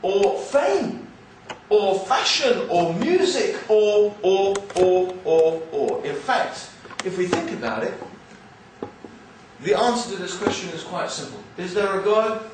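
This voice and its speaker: A man's voice: high-pitched, slow, background noise. English man lecturing in an echoey hall. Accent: English, mixed with East London. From England. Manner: animated, joking, conversational. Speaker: Islamic speaker. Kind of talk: religious lecture to an audience. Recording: very echoey hall, mic far off.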